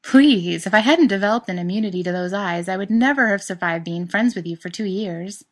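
A woman's voice: mid-range voice, brisk, close to an everyday voice. A woman voicing a sassy female professor who teases her friend dryly. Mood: teasing. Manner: teasing, dry.

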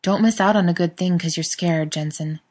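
A woman's voice: on the low side, normal speed, a little mellow, lightly acted. A woman voicing a dry, wry man. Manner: mild, wry, matter-of-fact. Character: dry sarcastic male friend.

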